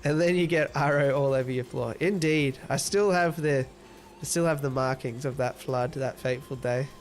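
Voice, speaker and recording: A man's voice: mid-range voice, normal speed, faint music behind. Playful Australian man hosting a livestream. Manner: playful, teasing, laughs often. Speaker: livestream host. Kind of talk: casual live chat reading viewer comments.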